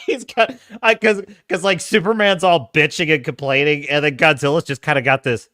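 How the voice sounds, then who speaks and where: A man's voice: a little high, normal speed, hardly any pauses, bright, forceful tone, no room sound, clean studio sound. A man hosting a casual live stream, talking animatedly and laughing often as he reads viewer chat aloud. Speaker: host.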